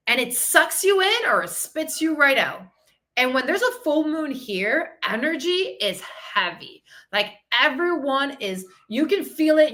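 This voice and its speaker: An upbeat woman hosts a live motivational session as a fitness and mindset coach. Her voice is bright and forward, sitting a touch high. She chats freely with viewers and reads their comments aloud as she goes. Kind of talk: live-streamed motivational talk.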